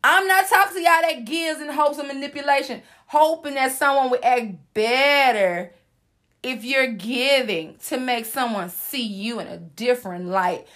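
A woman's voice: sits high, a little slow, a bit bright. A young adult woman hosting a casual advice monologue, sassy and playful, preaching to her listeners in slangy everyday talk. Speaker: host giving life advice.

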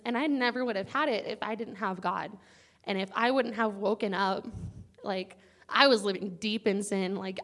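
A young woman casually sharing a personal testimony with a campus group, earnest and chatty and at times close to tears. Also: mid-range voice. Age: young adult. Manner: earnest, casual, chatty with many likes and guys.

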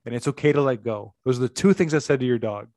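A man's voice: mid-range voice, fast, darkish tone, no room sound, clean studio sound. A man co-hosting a podcast in casual chat, blunt, cursing freely and laughing between his points. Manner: blunt, swears freely, laughs mid-sentence. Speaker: podcast co-host.

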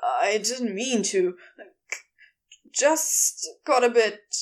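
A woman voicing a sly, lanky male demon in a low, growly grumble. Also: expressive, drawn-out words. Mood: sheepish.

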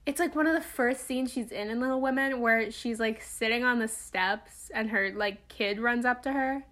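A young woman talks films with a friend in an easy, giggly way. Her voice is bright and sits a little high. She keeps breaking into quoted lines. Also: normal speed. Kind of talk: casual chat.

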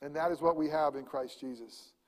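A man preaching a sermon, swinging from loud emphasis to hushed near-whispers. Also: on the high side, steady tone, brisk, long reverb tail. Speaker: pastor.

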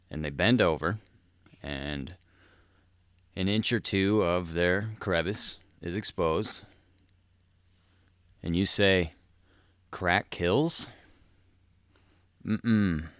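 A man's voice: deep voice, a bit bright, clean tone, no echo, clean studio sound. A man hosting a podcast with a crude, rambling comedic monologue, swearing a lot and laughing in the middle of sentences. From South Dakota. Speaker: podcast host.

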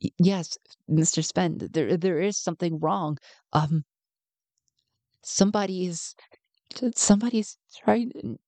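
A woman's voice: extremely high pitch, fairly even intonation, drawn-out words, darkish tone, no room sound, pitched above the performer's own voice, full character voice. A woman voicing an anxious young woman who stammers and is crying in a solo tabletop game. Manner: stammering, breaking voice.

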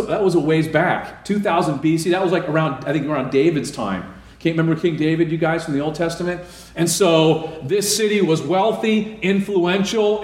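Preaching man in an echoey room. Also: fairly high pitch. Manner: asks the congregation questions and answers them. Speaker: pastor. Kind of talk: sermon.

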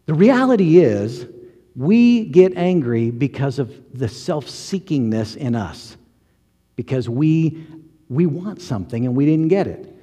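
A man's voice: fairly high pitch, lively intonation, unhurried, warm tone, big-room sound. A male pastor preaching a sermon in a conversational way, asking the listeners questions and acting out little quotes.

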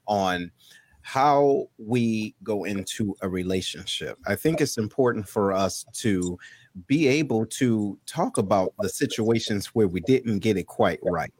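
A man with a fairly low voice co-hosts a relaxed talk show. He talks in an easygoing way and often repeats words as he starts a thought, and the recording sounds dry and close. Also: a little slow, slightly rough, dry recording. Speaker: co-host. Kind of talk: casual talk show chat.

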